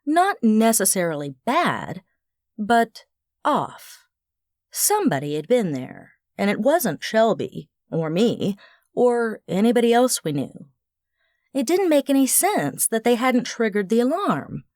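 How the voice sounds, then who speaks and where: A woman narrating a first-person audiobook with an expressive, wry storytelling manner. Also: on the high side, a little slow, no echo, studio quality.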